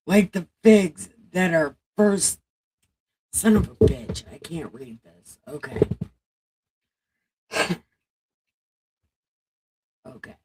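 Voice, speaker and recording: Lady slowly reading scripture on stream, chatty asides, pretty unhurried. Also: fairly low pitch, expressive, mellow, slightly rough, poor audio. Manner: slow, halting reading with chatty asides and swearing. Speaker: livestream host reading the Bible. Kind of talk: casual livestream Bible reading.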